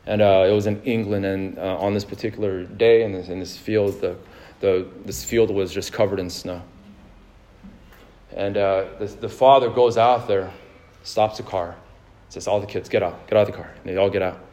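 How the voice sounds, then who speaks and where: A male pastor delivering a sermon, moving between fervent exhortation and calm storytelling, with frequent fillers and repeated words. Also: lowish voice, normal speed. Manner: rising fervor, then a calm storytelling tone.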